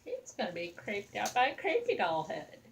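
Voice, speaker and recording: A woman's voice: medium pitch, huge pitch swings, moderate pace, creaky, slight background noise, low-quality recording. A young woman chatting casually as she works on a craft project, rambling and talking to her viewers and to a doll. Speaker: craft vlogger.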